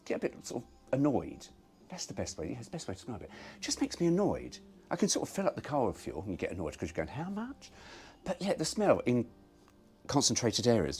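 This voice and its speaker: Man, low voice, very lively swooping pitch, casual garage vlog, self-mocking. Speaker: car restoration vlogger.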